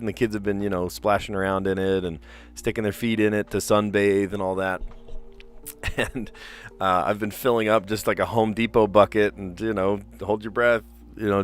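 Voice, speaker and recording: A man chatting casually on a live stream while he plays word puzzles, rambling and laughing often. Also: fairly low pitch. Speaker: teacher.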